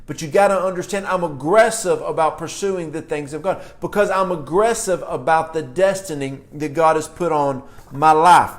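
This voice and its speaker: A middle-aged man preaching a sermon in a forceful, folksy country manner, telling stories from his ministry. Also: sits high. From rural American. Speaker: apostle and preacher.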